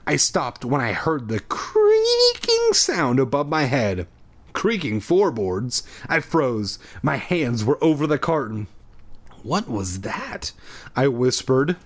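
A man's voice: mid-range voice, big pitch swings, takes it slowly. A man hosting a podcast, reading a spooky children's book aloud with irreverent, profane comic asides.

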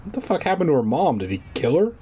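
A man's voice: fairly high pitch, big pitch swings, fast, mellow, breathy edge. Sarcastic profane man reading aloud. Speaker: host reading a book aloud. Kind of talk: comedic reading with asides.

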